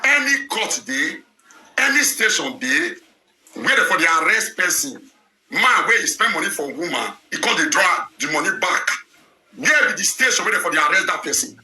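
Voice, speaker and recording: A high, very bright male voice in Nigerian Pidgin, swinging up and down in pitch as he rants and throws out question after question. The sound carries an echo from the room he talks in. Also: sing-song, normal speed. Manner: ranting, firing rhetorical questions. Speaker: online show presenter. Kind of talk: heated live talk.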